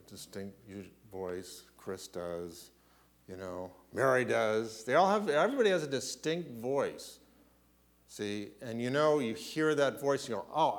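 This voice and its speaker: Slow-speaking preacher man. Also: medium pitch. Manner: measured preaching, rhetorical questions, frequent throat clearing. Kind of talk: sermon. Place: church.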